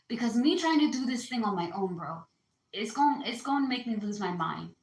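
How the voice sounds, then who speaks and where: A woman's voice: fairly high pitch, lively intonation, brisk, roomy sound, poor audio. A woman giving a casual astrology card reading, chatty and slangy, calling her listeners baby. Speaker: tarot card reader.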